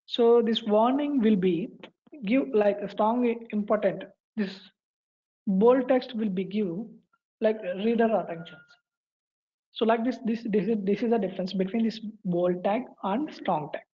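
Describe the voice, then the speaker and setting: A woman walking through a coding tutorial, pausing and repeating phrases as she types. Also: mid-range voice, dull audio. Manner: halting, repeats phrases while typing. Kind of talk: screen-recorded coding tutorial.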